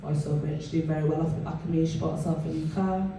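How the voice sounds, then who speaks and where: A woman's voice: sits low, fast, vocal fry. A woman with a Leeds accent performing a chatty stand-up comedy set in a club. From northern England. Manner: animated, chatty, full of fillers. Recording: echoey club from far off with room noise.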